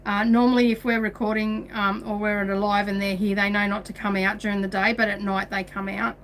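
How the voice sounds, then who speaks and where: A woman hosting a casual craft tutorial from her home sewing room, chatty and quick to laugh. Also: medium pitch, level tone, fairly bright tone. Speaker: craft livestream host.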